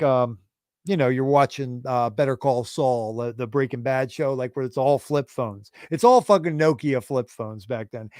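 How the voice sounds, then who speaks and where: A man in his forties hosting a livestream, telling a rambling, profane story in a casual, animated way. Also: medium pitch, no echo, studio quality. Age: 40s. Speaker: livestream host.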